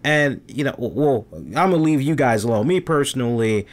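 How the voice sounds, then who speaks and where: A man's voice: medium pitch, moderate pace. A man hosting a live-streamed show, talking casually in a rambling way, full of "right?" and "you know" fillers. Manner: rambling, animated, acts out fan reactions in funny voices. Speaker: podcast host.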